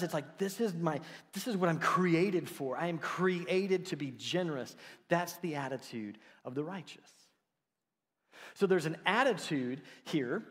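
Animated male preacher in a reverberant hall. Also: on the high side. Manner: conversational, animated, acts out quoted voices. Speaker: pastor. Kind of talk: sermon.

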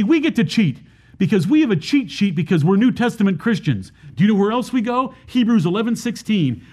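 A high-pitched man preaching a Baptist sermon. He explains scripture verse by verse and keeps putting rhetorical questions to the congregation. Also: darkish tone.

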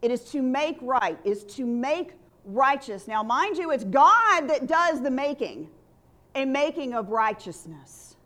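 A woman's voice: high-pitched, sing-song, measured pace, fairly bright tone. A woman pastor preaching a sermon in an earnest, conversational way, leading the congregation in call-and-response.

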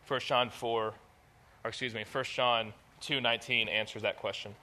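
A man preaching a sermon, reading scripture aloud and asking the audience questions in an animated way. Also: medium pitch, moderate pace.

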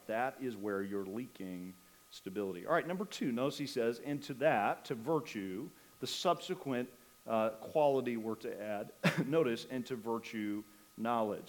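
A man's voice: mid-range voice, rough recording. A man preaching as a pastor in a church, earnest, asking rising emphatic questions and slipping in light humor. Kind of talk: sermon. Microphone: microphone.

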